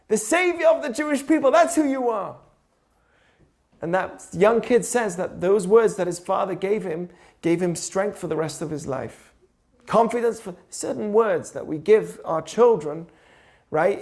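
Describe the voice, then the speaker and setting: Male teacher, higher-pitched voice, casual storytelling lesson that keeps asking the listener questions. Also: a little mellow. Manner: conversational, asks rhetorical questions, tells stories. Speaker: teacher of Jewish ethics. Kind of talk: informal teaching talk.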